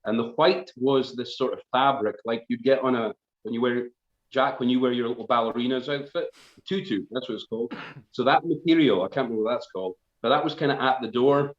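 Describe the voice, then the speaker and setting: A man's voice: mid-range voice, a little fast. Guy rambling thru a story on a live stream, laughs at himself, kinda echoey dull room sound. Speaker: folk band member on live stream. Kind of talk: casual storytelling. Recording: roomy, slightly dull live-stream audio.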